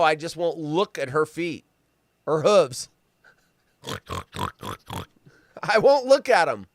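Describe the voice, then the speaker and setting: A man hosting a live show, mocking news stories with loud outbursts and a teasing manner. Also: a little high, dry recording, studio quality. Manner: mocking, animated, bursts into loud outcries. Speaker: host.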